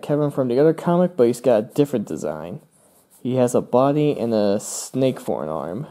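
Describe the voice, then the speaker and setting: Speaking at a normal speed, a young man hosting his own channel has a warm, sing-song voice of medium pitch. He goes through his old drawings in a loose, rambling way, with plenty of fillers and playful side comments.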